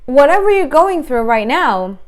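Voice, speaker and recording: A woman relationship coach with a high, very animated voice speaks at a measured pace, giving blunt, emphatic advice straight to her viewers in a direct-to-camera talk. She acts out the voices she quotes.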